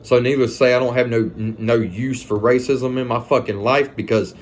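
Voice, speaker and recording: A man's voice: mid-range voice, brisk, slight background noise. Profane storytelling man. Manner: profane, conversational, animated retelling. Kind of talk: casual personal storytelling.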